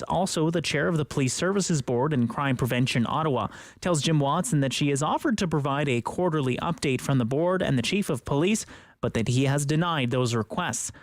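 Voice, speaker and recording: A man reading the radio news in a brisk, even newsreader delivery. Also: mid-range voice, dry recording. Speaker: radio newscaster.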